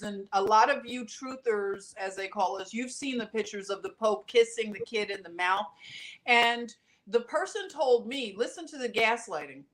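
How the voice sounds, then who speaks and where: A woman co-hosting a podcast, talking casually and telling stories animatedly. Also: a little high. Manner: animated storytelling, acting out other people's reactions. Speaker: podcast co-host. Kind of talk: casual conversational podcast chat.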